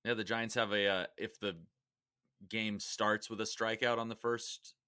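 A man co-hosting a podcast, with a low voice. He has a bright, forceful tone and drifts into relaxed, rambling asides. The sound is dry and close. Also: measured pace, clean tone, no echo. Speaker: podcast co-host. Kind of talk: casual chat.

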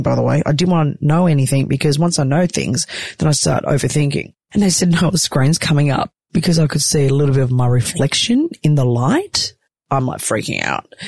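A woman telling a personal story in a casual, animated way, acting out what everyone said and swearing freely. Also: sits low, no room sound. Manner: animated, acts out the other people's lines.

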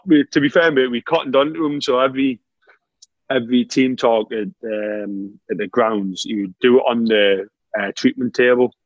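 A former footballer in his 30s, appearing as a guest, laughs his way through animated dressing-room anecdotes, saying "mate" a lot in a casual storytelling chat. His medium-pitched voice is recorded dry and close, with the highs cut off.

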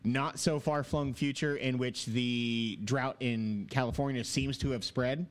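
A man's voice: medium pitch, fairly even intonation, measured pace. A man co-hosting a casual podcast chat, rambling and swearing freely with frequent fillers. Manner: rambling, profane, laughs often. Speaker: podcast co-host.

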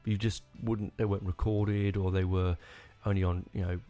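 A man's voice: low-pitched, level tone, normal speed, mellow, dull audio, soft background music. A man hosting a podcast on his own, rambling enthusiastically with many restarts. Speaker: podcast host. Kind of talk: casual solo rambling.

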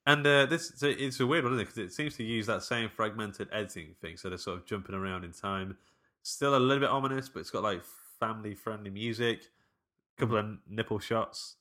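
Bright-voiced man chatting about a film. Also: on the low side, brisk. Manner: laughing, loose storytelling with swearing. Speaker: podcast co-host. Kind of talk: casual film review chat.

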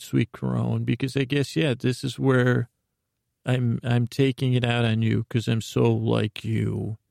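A man's voice: mid-range voice, gravelly, darkish tone, dry recording, clean studio sound. A man hosting a podcast, rambling through a self-deprecating improvised comic monologue full of restarts. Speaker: podcast host.

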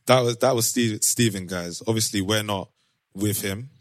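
A man with a fairly low voice hosts a relaxed podcast chat. He laughs easily and leans on slang. The sound is dry and close. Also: normal speed, dry recording. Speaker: podcast host. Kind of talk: casual chat.

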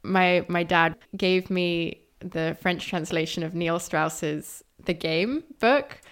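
A woman hosting an interview speaks in a somewhat low register. She is chatty and candid, sharing personal stories with self-aware laughs before she asks her questions. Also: slow pace, clear, resonant tone. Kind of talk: casual interview talk.

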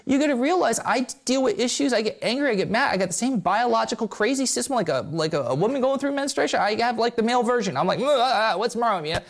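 A man's voice: very high-pitched, fast talker, creaky, hardly any pauses. A man teaching spiritual ideas to a live group in a blunt, joking way, with swearing and acted-out voices. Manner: animated, acting out voices in quotes. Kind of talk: live talk to a seated group.

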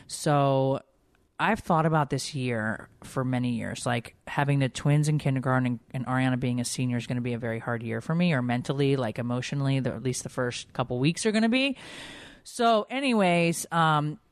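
She's a Connecticut woman in her forties hosting a podcast, talking briskly in a bass voice with no echo. The conversation is chatty, emotional, and meandering, full of filler words.

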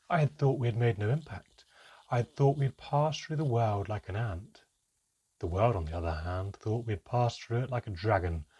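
A man narrating a fantasy audiobook in a steady storytelling manner with a husky voice. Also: lowish voice. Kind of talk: scripted narration.

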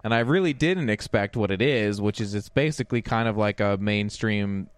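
Guy on a music podcast, smooth voice, kinda rambly, lots of likes and restarts, dry sound. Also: on the low side, normal speed, dry recording. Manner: rambling, restarts and filler-heavy. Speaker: podcast co-host. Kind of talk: casual music review chat.

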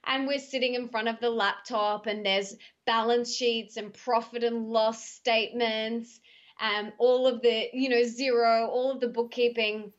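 High, emphatic woman on dull podcast audio. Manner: emphatic, animated storytelling with drawn-out words. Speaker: podcast guest, author and speaker. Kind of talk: casual conversation.

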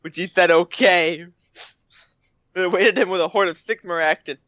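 Late at night, a weary podcast co-host reads listener mail, delivering a listener's story playfully in casual chat. He has a high, slightly bright voice with fairly even intonation and a moderate pace. The home mic recording is dull and dry, without any room sound.

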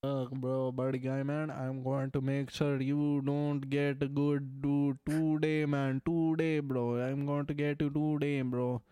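A man's voice: mid-range voice, little pitch movement, mellow, clean tone, no room sound, close to an everyday voice. A man putting on a drawling Southern tough guy. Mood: mock-threatening. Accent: put-on Southern drawl. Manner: slow drawl, calls everyone "brother". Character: drawling Southern man telling a crude story.

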